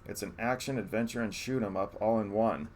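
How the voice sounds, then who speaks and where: A man's voice: on the low side, a little fast, a little mellow, slight background noise. A man reading out his review of a favourite retro game on a live stream, earnest and often restarting his sentences. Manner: earnest, self-correcting restarts.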